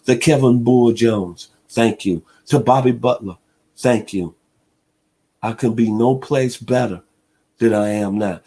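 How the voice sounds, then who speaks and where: A man's voice: mid-range voice, a little slow, husky. A man, hosting a sports talk radio show in an emphatic, heartfelt monologue. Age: 60s. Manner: emphatic, preacher-like delivery with heartfelt shout-outs.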